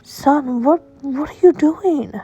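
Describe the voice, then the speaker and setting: A woman's voice: sits high, slow pace, dark tone, pitched above the performer's own voice, poor audio. A woman voicing a caring father fox who speaks firmly but reassuringly to his son. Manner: firm, reassuring scolding.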